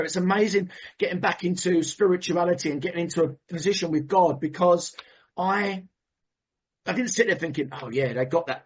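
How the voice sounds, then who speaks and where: A man from Brighton, sharing his recovery story in a heartfelt, rambling way and then leading a prayer. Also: high-pitched, husky, highs cut off. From Brighton, England. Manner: heartfelt, rambling, self-interrupting. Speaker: recovery meeting speaker. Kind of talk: personal share and prayer.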